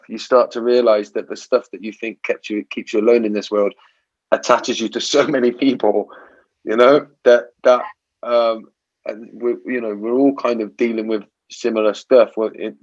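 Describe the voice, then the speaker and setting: A man's voice: fairly low pitch, steady tone, normal speed, highs cut off. A man hosting an interview podcast, talking reflectively with frequent restarts and "right?" tag questions. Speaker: podcast host. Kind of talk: casual interview chat.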